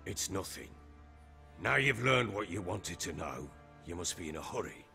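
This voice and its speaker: A man's voice: low voice, animated, moderate pace, gravelly, sharp tone, exaggerated voice. An actor playing a boastful middle-aged warlord baron in a video game, blustery and coarse as he tells his stories. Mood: gruff. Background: game music.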